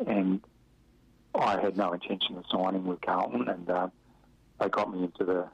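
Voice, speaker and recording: Deep gravelly Australian man, muffled radio. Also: moderate pace, dry recording. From Western Australia. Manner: rambling, chuckling anecdotes with many fillers. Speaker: former footballer, interviewee. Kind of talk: relaxed storytelling interview. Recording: muffled dry radio recording.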